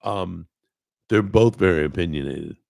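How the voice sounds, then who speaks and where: A man's voice: low-pitched, unhurried, creaky, darkish tone, no echo. A man hosting a live stream, chatting casually and rambling, greeting people in the chat and often correcting himself. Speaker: host.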